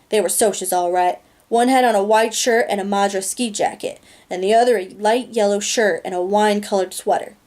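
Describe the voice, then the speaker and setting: Woman reading a novel aloud. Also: mid-range voice. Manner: steady, plain narration with small slips. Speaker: reader.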